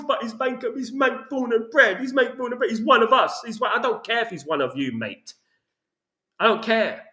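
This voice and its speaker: A man's voice: fairly high pitch, sharp tone, reverberant. A man with a London accent hosting a football channel, ranting about his club in a passionate, repetitive way. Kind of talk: opinionated fan commentary.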